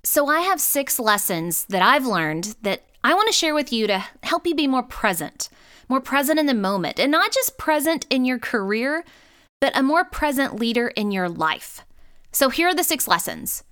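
Middle-aged woman, podcast host, earnest and encouraging, higher pitched, smooth and dry. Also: very animated, normal speed, a bit bright, dry recording. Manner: earnest, encouraging, with frequent light laughs. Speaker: podcast host and leadership coach. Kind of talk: podcast monologue.

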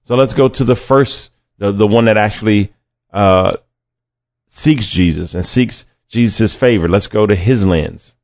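A man's voice: lowish voice, measured pace, darkish tone. A man teaching a conversational sermon for a podcast, reading scripture and acting out quoted voices, often repeating words as he goes. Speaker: podcast preacher. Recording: dull lo-fi dry recording.

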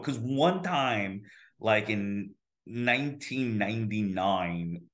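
A dentist in his fifties chatting casually as a guest, telling lively stories and acting out the voices he quotes. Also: on the low side, normal speed. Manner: animated storyteller who acts out quoted voices. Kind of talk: casual podcast conversation.

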